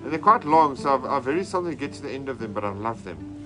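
A man's voice: mid-range voice, lively intonation, fast talker, over music. A man with a South African accent in crude, joking casual chat, laughing often and ending lines with "bro".

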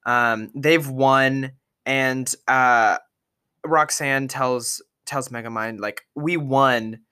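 A man co-hosting a casual movie podcast, enthusiastically retelling scenes with quick asides. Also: mid-range voice, steady tone, pushed and bright, clear, resonant tone. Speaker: podcast co-host. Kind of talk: casual movie-review chat.

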